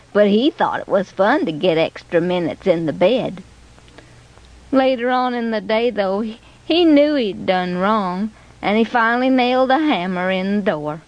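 Animated woman reading a children's story. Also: a little high, dull audio. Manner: expressive, animated. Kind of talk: scripted children's story narration.

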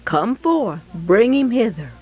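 A woman doing a calm, gentle man speaking in old-fashioned formal words, slow and measured. The recording is a bit dull and lo-fi. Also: sits high, husky, exaggerated voice.

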